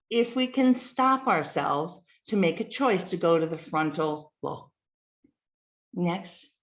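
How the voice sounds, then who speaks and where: A woman giving a slide presentation, speaking in a measured way, listing words with frequent ums. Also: mid-range voice. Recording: dull lo-fi recording.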